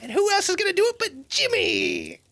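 A woman's voice: very high-pitched, huge pitch swings, moderate pace, gravelly, fairly bright tone, full character voice. A woman playing a chatty young male elf reporter in an improvised comedy scene, eager and talking back.

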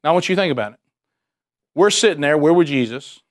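Earnest preacher with a twang. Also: male voice, a little high, lively intonation, fast, dry recording, clean studio sound. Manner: earnest, repeats words, fires rhetorical questions. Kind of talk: sermon.

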